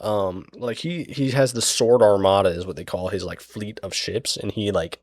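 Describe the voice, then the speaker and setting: A man's voice: on the low side, steady tone, moderate pace, no echo. A young man retelling a book's plot in a rambling, profane, casual way, full of fillers. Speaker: book recap host.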